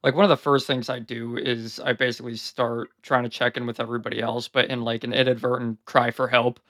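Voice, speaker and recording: A man's voice: mid-range voice, flat delivery, brisk, a bit bright, no echo, studio quality. Rambling, reflective man on a podcast. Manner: rambling and reflective, many "like" and "you know" fillers. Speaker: podcast host. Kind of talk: casual podcast conversation.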